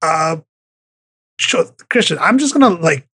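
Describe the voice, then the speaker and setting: A man hosting a casual podcast chat, talking in halting bursts full of filler words. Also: on the high side, big pitch swings, sharp tone, breathy edge, dry recording. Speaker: podcast host.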